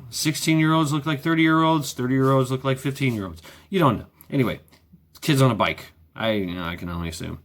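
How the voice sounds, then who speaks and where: A man's voice: medium pitch, a bit bright. A man vlogging in a sarcastic ranting monologue, repeating himself, swearing freely and firing off rhetorical questions.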